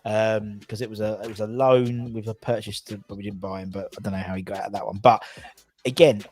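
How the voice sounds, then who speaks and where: A man's voice: fairly low pitch, steady tone, fast, a little mellow. A man hosting a casual football fan chat show, rambling through stories and reading out viewer comments. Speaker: podcast host.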